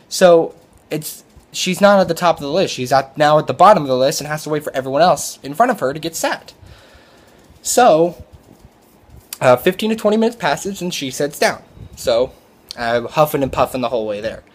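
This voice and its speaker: Rambling young man telling a story. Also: fairly high pitch. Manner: rambling, with many fillers and restarts. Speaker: restaurant server telling a story. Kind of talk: casual storytelling vlog.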